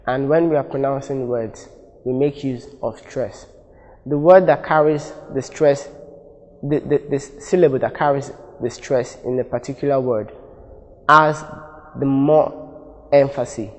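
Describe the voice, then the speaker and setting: A man from Nigeria teaching an English lesson, explaining step by step and deliberately. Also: mid-range voice, darkish tone. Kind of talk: classroom lesson. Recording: long reverb.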